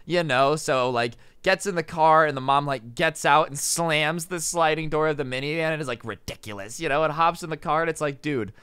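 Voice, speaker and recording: A young man telling a story in a casual vlog, rapid and animated, full of "like" and "you know". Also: a little high, clear, resonant tone, no echo. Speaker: storytime vlogger.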